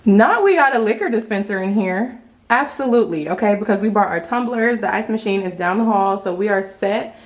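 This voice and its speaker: A young woman vlogging a hotel room tour in an excited, chatty way, full of playful slang, filmed on a handheld phone. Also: mid-range voice, fairly quick. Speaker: travel vlogger. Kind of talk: casual vlog room tour.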